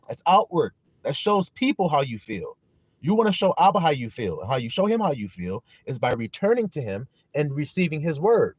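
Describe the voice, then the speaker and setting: Animated preaching man, higher voice. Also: a little fast, breathy edge, dry recording. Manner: emphatic, repeats questions to listeners; greets viewers in chat. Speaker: preacher on a live stream. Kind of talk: livestream sermon.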